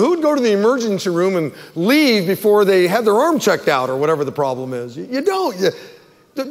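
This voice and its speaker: A man preaching an earnest altar call and prayer as a pastor, pleading with the congregation. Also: high-pitched. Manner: earnest, pleading, acts out worried voices. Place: church sanctuary. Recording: long hall reverb.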